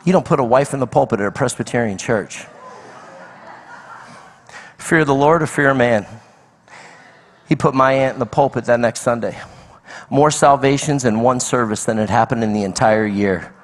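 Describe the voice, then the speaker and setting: A middle-aged man preaching to a congregation, telling his story with lively energy and voicing each person in it. His voice sits at an ordinary pitch and rings out with a long reverb from a large church hall. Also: moderate pace, long pauses. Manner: animated storytelling with acted-out quotes. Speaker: guest preacher. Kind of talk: sermon.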